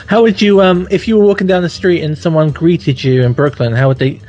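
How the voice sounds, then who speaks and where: A man's voice: fairly high pitch, fairly even intonation, brisk, darkish tone, muffled recording, faint music behind. An English man co-hosting in casual chat, rambling and laughing often. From England. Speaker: podcast co-host.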